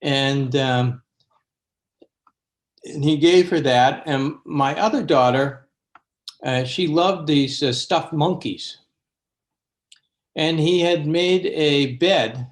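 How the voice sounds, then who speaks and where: A man's voice: a little high, slow pace, long pauses. A man in his sixties, an abbot and Zen teacher, telling stories unhurriedly in an interview, with frequent fillers. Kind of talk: interview reminiscence.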